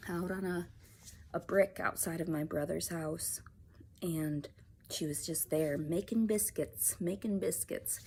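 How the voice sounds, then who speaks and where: Soft-spoken low-pitched woman vlogging. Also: gravelly, slight background noise. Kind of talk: personal vlog monologue to camera.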